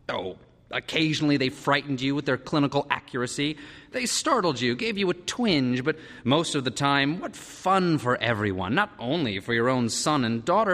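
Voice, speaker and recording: A man's voice: a little high, fairly bright tone. A man narrating a story aloud, lingering vividly over the descriptions. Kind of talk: dramatic story reading. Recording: reverberant hall.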